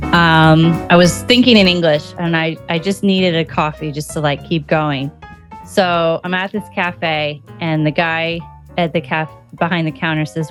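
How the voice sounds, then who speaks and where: A woman hosting a podcast interview, chatty and storytelling, acting out little exchanges as she goes. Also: fairly low pitch. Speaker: podcast host. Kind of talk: casual interview chat.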